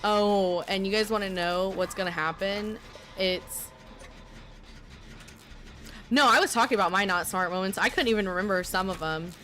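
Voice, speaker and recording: A woman's voice: medium pitch, normal speed, long pauses, sharp tone. A young woman from Texas with a faint Southern US accent, chatting casually on a live stream in a rambling, self-deprecating way.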